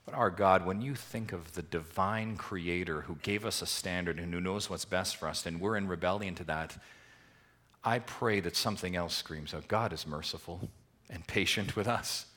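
Man preaching in church, lowish voice, bright and forceful, rhetorical questions, swelling and dropping emphasis. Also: normal speed. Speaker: pastor. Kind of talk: sermon.

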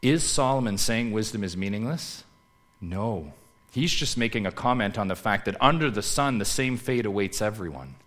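A man preaching a sermon, swinging between loud emphatic lines and hushed low asides, and putting rhetorical questions straight to his listeners. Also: animated, moderate pace. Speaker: pastor.

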